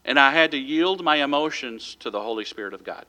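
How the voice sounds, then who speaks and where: A man's voice: medium pitch, animated, brisk, bright, forceful tone. A man giving a sermon as pastor, telling a story in a conversational way and chuckling lightly now and then.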